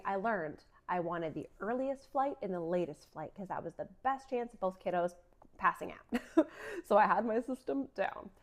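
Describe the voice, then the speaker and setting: Woman in her thirties, chatty vlogger, relaxed storytelling with lots of "like"s, medium pitch. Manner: chatty, many filler "like"s, laughs often. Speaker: vlogger sharing a faith story. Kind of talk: casual personal storytelling.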